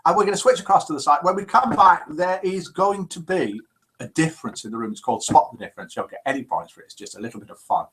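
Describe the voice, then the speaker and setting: Husky-voiced jokey man hosting. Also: fairly high pitch, fast. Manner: jokey, lively, addresses listeners directly. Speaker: host of a live daily call-in show. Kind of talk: chatty live broadcast, reading out viewer messages.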